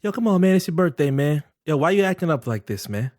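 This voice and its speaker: A man co-hosts a podcast in a fairly high voice that swings up and down a lot as he jokes. The sound is close and dry. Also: quick pace, dry recording. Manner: animated, jokey, slips into impressions. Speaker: podcast co-host. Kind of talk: casual chat.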